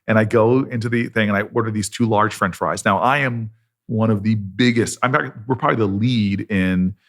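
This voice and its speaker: A man's voice: lowish voice, moderate pace, a bit bright. A middle-aged man, a senator on a podcast, telling a personal story in an earnest, self-deprecating way. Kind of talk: conversational storytelling.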